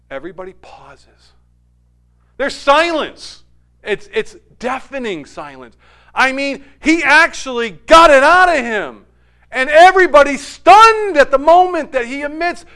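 A male pastor reading scripture and preaching a sermon, telling stories animatedly and building to loud, emphatic peaks. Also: high-pitched, clear, resonant tone.

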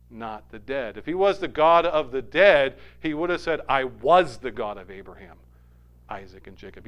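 A male pastor preaching a sermon, swinging from loud emphatic peaks to quiet asides, with rhetorical questions and repeated phrases. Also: a little high.

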